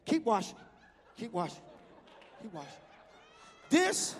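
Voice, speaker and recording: High gravelly preacher man, echoey hall. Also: wildly swooping pitch, slow, a faint crowd. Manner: shouting, rhythmic. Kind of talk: storytelling sermon.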